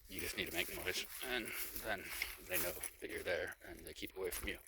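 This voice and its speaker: Heading down a mountain path, a young man narrates his travel vlog in a deep, slightly fast voice. His chatter is loose and casual, packed with fillers and false starts. It's captured on a handheld camera, and the outdoor sound is noisy.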